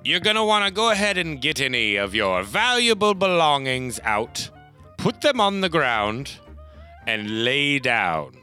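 Man putting on a raised, measured ambusher voice, calm, commanding, polite, tabletop game. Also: medium pitch, smooth, soft background music, pitched above the performer's own voice.

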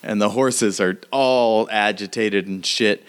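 A man's voice: fairly low pitch, steady tone, takes it slowly, smooth. A man narrating a tabletop game as game master, in a casual way with lots of fillers.

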